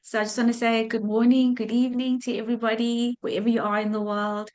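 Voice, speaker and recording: A woman's voice: on the high side, little pitch movement, fast talker, a little mellow. Heartfelt woman thanking her community. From South Africa. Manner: heartfelt, effusive, repeats thanks. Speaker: community leader. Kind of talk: emotional thank-you speech on a video call. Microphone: video call.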